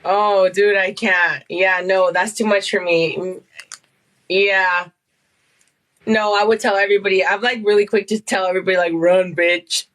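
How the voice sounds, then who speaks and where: A young woman chatting as a guest, expressive and gossipy with big reactions. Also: medium pitch, moderate pace. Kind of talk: casual chat.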